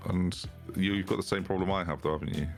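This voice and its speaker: Fast, deep, gravelly streamer teasing friends. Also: male voice, steady tone, soft background music. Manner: teasing, dry, mock-insistent. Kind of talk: casual gaming stream banter.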